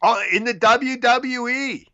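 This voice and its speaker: A man's voice: extremely high pitch, slow pace, sharp tone. A man co-hosting a wrestling podcast, talking bluntly and scoffing. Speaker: podcast co-host. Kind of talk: casual podcast rant. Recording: dull lo-fi sound.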